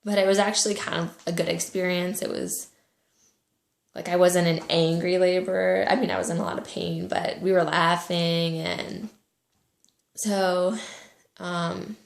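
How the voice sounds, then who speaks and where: A young woman in her twenties telling a personal story to camera, soft-spoken and halting, with many pauses and fillers. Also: fairly low pitch, little pitch movement, creaky, echoey room. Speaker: vlogger.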